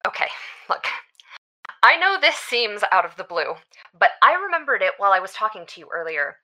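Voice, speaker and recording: An actress playing a grieving young woman who talks in a halting, stammering, tearful way. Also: medium pitch, big pitch swings, sharp tone. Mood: shaken. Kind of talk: audio drama acting.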